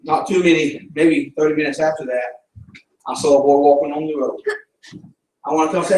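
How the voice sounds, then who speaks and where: A man's voice: a little high, steady tone, fairly quick, pauses often, darkish tone, slight background noise. Southern missionary man preaching in an echoey church. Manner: folksy storytelling, fervent preaching. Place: church sanctuary. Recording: echoey church room from a distance.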